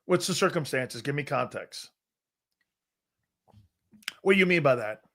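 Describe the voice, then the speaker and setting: A young man with a notably high voice co-hosting a sports talk show. He talks in slangy, challenging bursts, tossing out statistics to push back on his partner. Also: animated, creaky, fairly bright tone. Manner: challenging, slangy, quick to cite stats. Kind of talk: casual sports debate.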